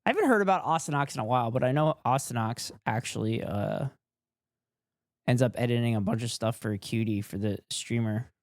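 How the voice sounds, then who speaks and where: A man's voice: mid-range voice, expressive, fairly quick, no echo, studio quality. Blunt, swearing male streamer, Latin accent. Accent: Latin American. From Latin America. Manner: blunt, swearing, chatty asides to chat. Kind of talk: casual reaction commentary.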